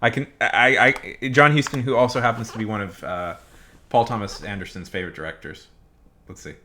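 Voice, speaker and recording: Over slight background noise, a male streamer rambles casually in a fairly low, brisk, pushed and bright voice. He hammers his points emphatically, repeats himself, and keeps restarting his sentences.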